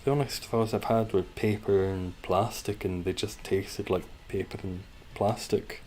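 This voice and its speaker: Low-voiced man rambling while gaming. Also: fairly even intonation, a little slow, hardly any pauses, darkish tone, slight background noise. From Scotland. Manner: rambling, wry, chatting with viewers between moves. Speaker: game streamer. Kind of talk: casual livestream chat while gaming.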